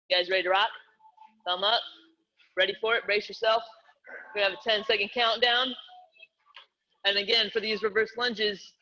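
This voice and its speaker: A man leads a live online workout, cueing each exercise in an upbeat, playful manner. His voice sits high and sounds bright and forceful. The streamed audio comes across a little dull. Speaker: fitness coach.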